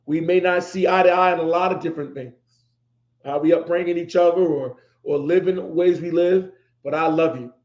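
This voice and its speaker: A man's voice: fairly high pitch, fairly even intonation, a little fast, darkish tone. A middle-aged man hosting a podcast, talking heartfelt and emotional, repeating himself for emphasis. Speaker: podcast host. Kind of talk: heartfelt livestream talk. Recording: echoey room, dull lo-fi sound.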